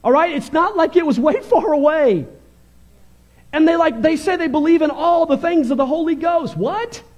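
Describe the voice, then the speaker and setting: A male pastor preaching a fervent, animated sermon, moving between loud bursts and quieter stretches. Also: very high-pitched, normal speed.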